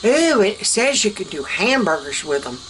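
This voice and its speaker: A woman's voice: mid-range voice, big pitch swings, normal speed, a bit bright, slight background noise, low-quality recording. A middle-aged woman with a Southern American accent, chatting folksy and cheerfully through a home cooking vlog in her kitchen, laughing often. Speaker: vlogger. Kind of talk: casual cooking vlog chat.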